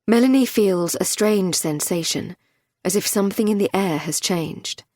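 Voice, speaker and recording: A woman narrating a thriller audiobook in a measured storytelling manner. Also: mid-range voice, a little mellow, no room sound, clean studio sound.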